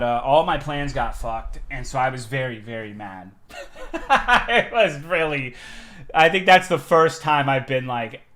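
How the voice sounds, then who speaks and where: A man streaming, telling a heated story about his day in a casual, profane, animated way. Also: medium pitch.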